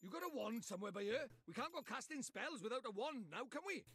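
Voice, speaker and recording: A man's voice: extremely high pitch, lively intonation, fast, fairly bright tone. A man with a Welsh accent voicing a small, cheeky male fairy who teases and bosses people around in a video game. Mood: teasing. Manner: teasing, bossy.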